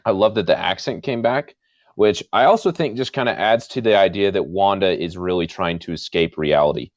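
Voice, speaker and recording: A man's voice: low voice, fairly quick, dry recording. A man on a podcast talking casually and eagerly, gushing and repeating himself as he makes his points. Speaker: podcast co-host. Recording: dry, muffled remote audio.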